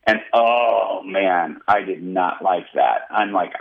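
A male pastor telling a personal testimony in an interview, animated and vivid. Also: sits low, takes it slowly, creaky, few pauses, lo-fi sound. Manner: animated storyteller, acting out quotes.

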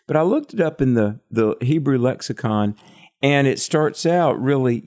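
A man's voice: medium pitch, lively intonation, normal speed, a little mellow. A man co-hosting a radio Bible study, thoughtfully explaining scripture wording.

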